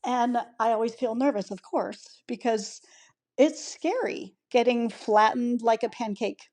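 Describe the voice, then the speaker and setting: A woman's voice: on the high side, measured pace, darkish tone. An American woman in her sixties, co-hosting a podcast with chatty, self-deprecating humor and frequent giggles. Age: 60s. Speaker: podcast co-host. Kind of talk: casual chat.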